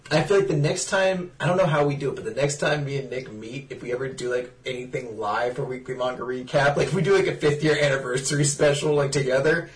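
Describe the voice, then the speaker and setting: A man's voice: mid-range voice, fairly even intonation, fast, few pauses. A man co-hosting a podcast in casual, jokey banter, rambling and laughing often. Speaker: podcast co-host. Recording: distant mic with faint noise.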